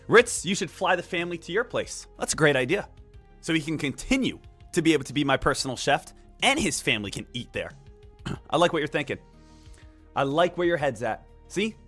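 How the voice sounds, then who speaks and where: A man streaming live market commentary, energetic and emphatic, repeating key points and joking with viewers. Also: fairly high pitch, moderate pace, faint music behind. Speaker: day trading live streamer.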